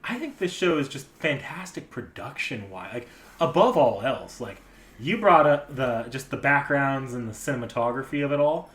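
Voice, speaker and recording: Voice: mid-range voice, normal speed. A podcast host joking sarcastically in a casual anime chat. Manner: sarcastic, deadpan jokes. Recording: echoey room.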